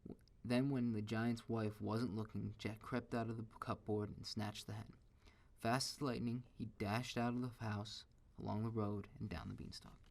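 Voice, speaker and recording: A man reads a children's story aloud in a steady, expressive manner. His voice sits low and carries a gravelly texture. He gives each sentence a storyteller's weight. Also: normal speed.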